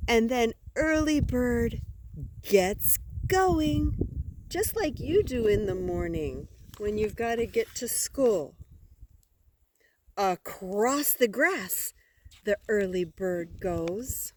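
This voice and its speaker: An older woman reads a storybook aloud to a child in a slow, unhurried way. Her fairly high voice swoops up and down with lively expression, and she stops often to ask the child questions. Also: slight background noise. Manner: slow, gentle and lively, with gasps and questions to the listener. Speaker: grandmother reading to a child. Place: outdoors by woods.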